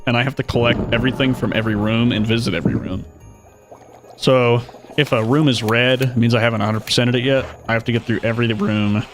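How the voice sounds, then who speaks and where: A man streaming a horror video game, chatting casually and narrating his own moves with wry asides. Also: mid-range voice. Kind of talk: live gameplay commentary.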